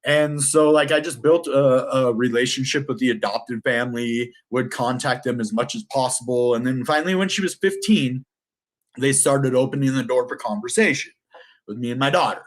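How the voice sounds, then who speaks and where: A man's voice: mid-range voice, normal speed. A middle-aged man telling his life story to camera in casual, rambling talk, earnest and emotional, with many restarts and self-corrections.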